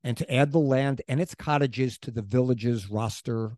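A man, chatting his way through a local history story on a podcast. His voice is mellow and relaxed, and it sits dry and close. He rambles, restarts and drops in asides. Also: mid-range voice, moderate pace, no echo. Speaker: podcast co-host. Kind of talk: casual chat about local history.

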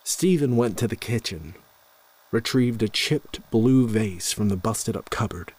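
A man narrating a scripted horror story in a slow, measured way. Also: fairly low pitch, expressive, a little mellow, low-quality recording.

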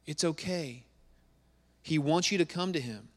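A man's voice: a little high, a little slow, long reverb tail. A man preaching a sermon, reading scripture verses aloud and repeating words for emphasis.

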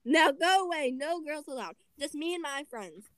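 A woman doing a cheeky, bossy young boy frog from a storybook, high-pitched and eager, with a dry, close sound. He talks in quick excited bursts. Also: no echo.

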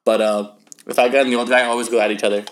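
Young male podcast co-host, quick loose delivery, lots of swearing and laughter. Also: mid-range voice, level tone. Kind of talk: casual chat.

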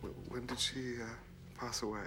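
An actor voicing a shaken middle-aged man who stammers through a hushed, halting phone call. He trips over his words and speaks softly throughout, with steady music playing under the scene. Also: mid-range voice, natural voice. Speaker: character in a TV drama clip. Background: music under the dialogue.

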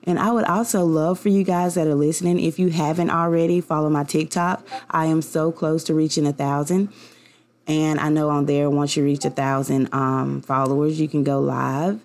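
A woman's voice: sits low, little pitch movement, normal speed, a little mellow. A young woman hosting her own podcast, talking in a casual, rambling and heartfelt way with many fillers. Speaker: podcast host. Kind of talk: casual personal podcast monologue.

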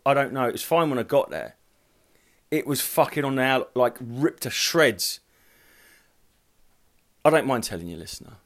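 A man's voice: mid-range voice, fairly bright tone. A man hosting a solo podcast, telling rambling, profane anecdotes in a casual chat style. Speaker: podcast host.

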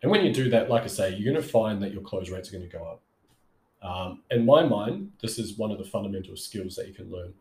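A man's voice: lowish voice, lively intonation, fairly quick, a little mellow, echoey room. A man talking as a sales coach in a casual coaching monologue, conversational and full of fillers and restarts.

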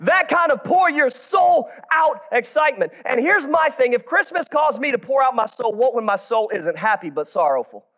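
A man in his thirties preaching a sermon with energy, breaking into shouts and joking asides to the congregation. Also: extremely high pitch, lively intonation, moderate pace, few pauses.

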